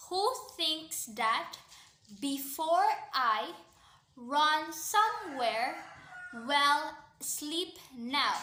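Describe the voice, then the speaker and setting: High, slow-talking young woman presenting. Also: sharp tone. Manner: starts most sentences with "so", many "um" fillers. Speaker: student presenter. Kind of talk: class presentation. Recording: echoey room.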